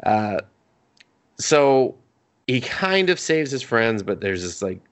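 A podcast co-host with a mid-range voice and big pitch swings takes his time recapping an anime. His delivery is casual and rambling, with many fillers, restarts, and free swearing.

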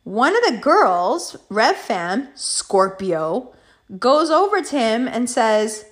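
Give me a profane, animated woman telling a storytime vlog, with a lively voice. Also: fairly high pitch, slow.

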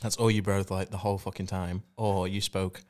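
A man's voice: sits low, little pitch movement, fairly quick, heavy background noise. A man co-hosting a podcast, teasing and joking in casual chat, swearing freely and laughing often. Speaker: podcast co-host.

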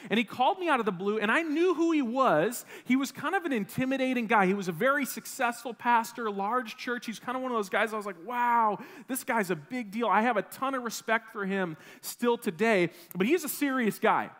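A man in his thirties from Wisconsin, preaching a sermon as a pastor, telling a personal story in an animated, self-deprecating way with frequent restarts. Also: extremely high pitch, brisk, hardly any pauses. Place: church sanctuary. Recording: long reverb of a church hall.

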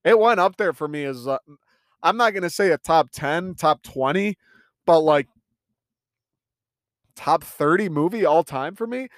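A man's voice: fairly high pitch, lively intonation, measured pace, long pauses, no echo, clean studio sound. A young man talking through a casual movie review, enthusiastic and rambling, swearing freely.

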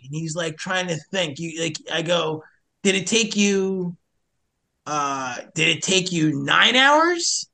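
A man telling a story in a casual podcast chat, acting out both sides of the dialogue with sudden rises in voice. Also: high-pitched. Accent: American. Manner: animated, acts out the dialogue in a raised voice, swears mildly. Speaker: podcast guest, hiker and rescuer.

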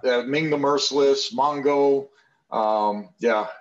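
A former football player in his sixties, appearing as a podcast guest, tells loose, rambling anecdotes in a casual storytelling interview, looping back with fillers and restarts. He takes it slowly in a mid-pitched voice. The recording is lo-fi and slightly dull.

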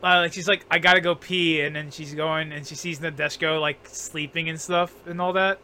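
A man's voice: on the high side, flat delivery, moderate pace, bright, forceful tone, slight background noise. A man co-hosting a casual podcast, rambling with lots of fillers, restarts and frequent laughter. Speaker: podcast co-host.

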